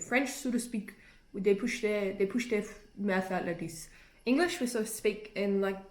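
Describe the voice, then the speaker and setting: Young woman vlogger, casual and giggly, average pitch, recorded in a roomy space. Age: young adult. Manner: chatty, giggly, demonstrates German phrases. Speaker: language-learning vlogger. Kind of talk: casual spoken lesson. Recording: roomy echo.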